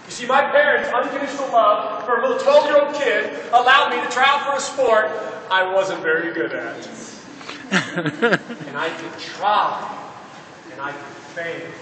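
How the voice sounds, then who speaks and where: A young man giving an energetic motivational speech to children, calling out to the audience for responses. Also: high voice. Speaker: motivational speaker. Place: large echoey hall. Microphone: distant mic. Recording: echoey hall, distant mic, noisy.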